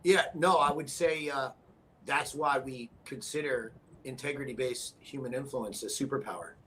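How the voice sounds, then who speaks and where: A male guest gives short, agreeable answers in a middle-pitched voice. His audio sounds quiet and distant, as if it comes over a video call. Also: moderate pace, a little hiss or hum. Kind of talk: casual interview answers.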